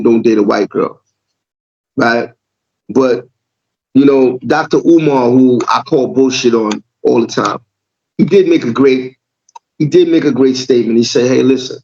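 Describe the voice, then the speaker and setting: A man's voice: mid-range voice, vocal fry, a little mellow, muffled recording. A man from Jamaica co-hosting a casual podcast, making his points with repeated words and frequent "right?" checks. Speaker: podcast co-host.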